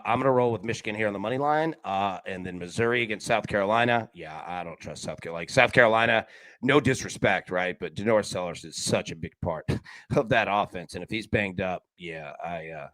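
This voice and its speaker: A man's voice: fairly low pitch, brisk, fairly bright tone, no echo. Casual man giving betting picks. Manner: casual, talks to chat viewers with slang like buddy and man; frequent fillers and restarts. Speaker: sports betting show host. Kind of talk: live-stream betting picks chat.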